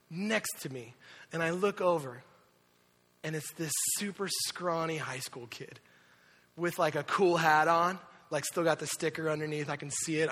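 A man preaching a sermon, telling a personal story with lively asides and quick impressions of the people in it. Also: on the high side. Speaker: pastor. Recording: reverberant hall.

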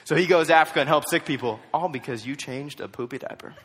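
Animated young man preaching in reverb. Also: on the high side, fast, very noisy. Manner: animated, jokey, acts out quotes in voices. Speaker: youth speaker. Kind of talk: storytelling sermon talk. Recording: long hall reverb.

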